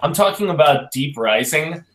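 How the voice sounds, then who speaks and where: A man's voice: on the high side, lively intonation, moderate pace, reverberant. A man co-hosting a casual group video call, rambling with lots of fillers. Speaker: co-host.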